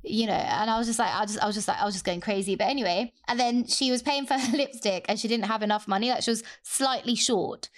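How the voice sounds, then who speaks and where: A young woman, co-hosting a casual chat and telling stories with animated acted-out quotes. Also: quick pace, few pauses. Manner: animated storyteller, acts out quotes in a high voice. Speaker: podcast co-host.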